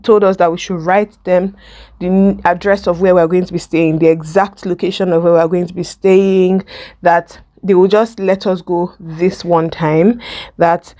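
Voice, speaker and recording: A young woman with a Nigerian accent telling a story in a casual vlog while doing her makeup, lively and laughing often. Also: on the low side, moderate pace. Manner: animated, mixes in Pidgin and laughs. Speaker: vlogger.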